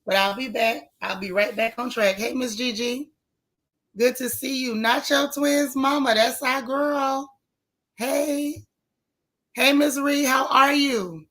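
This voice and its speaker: A woman's voice: high-pitched, steady tone, slow, a bit bright. A woman with a strained voice, hosting a casual live stream and greeting her viewers one by one in a folksy, chatty way. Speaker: livestream host.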